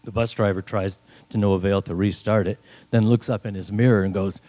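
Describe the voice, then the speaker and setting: A man's voice: on the low side, fairly even intonation, a little fast, dark tone. An older man from northern New York telling a funny personal story at a live story slam, with dry, wry humor. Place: stage at a live event.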